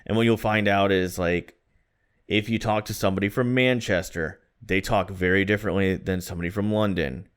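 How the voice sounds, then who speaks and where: A man's voice: low-pitched, fairly even intonation, fairly quick, clear, resonant tone. A man co-hosting a podcast, chatting casually and rambling a bit with lots of "like" and "man". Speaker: podcast co-host. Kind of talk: casual chat.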